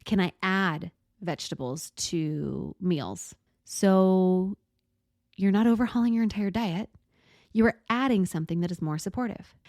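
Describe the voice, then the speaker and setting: A woman hosting a solo podcast, talking in a gentle, thoughtful, reflective way and slowing down to stress words. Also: mid-range voice, no echo, studio quality. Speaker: podcast host.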